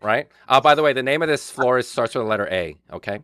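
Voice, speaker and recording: A man on a podcast recounts a wedding story in an easygoing chat. His pitch swings widely as he talks, and the sound is dry and close. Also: fast talker, clear, resonant tone, no echo. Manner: animated storyteller with many restarts. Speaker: podcast co-host, wedding photographer. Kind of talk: casual chat.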